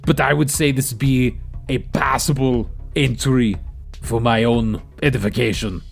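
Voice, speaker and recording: A man's voice: medium pitch, a little slow, creaky, faint music behind. A man voicing a stern, pompous male master mage who scolds and judges a student's work. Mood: judging. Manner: lofty, disappointed, scolding.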